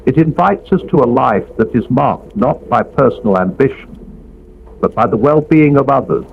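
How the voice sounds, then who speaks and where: A man giving a scripted devotional narration in a measured, reflective way. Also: medium pitch, expressive, creaky. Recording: dull lo-fi audio with faint background noise.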